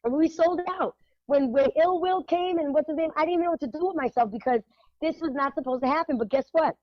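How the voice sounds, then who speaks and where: Lively woman co-host, emphatic, laughing, slips into Spanish; dry and dull lo-fi sound. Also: high-pitched, a little fast, dry recording. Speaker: art show curator and radio co-host. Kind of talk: casual radio chat.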